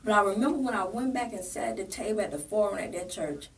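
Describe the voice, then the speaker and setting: A woman's voice: medium pitch, quick pace, far from the mic. A woman pastor and political candidate, telling a painful personal story in an interview in a plain-spoken, earnest way. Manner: plain-spoken, earnest, acts out remembered dialogue.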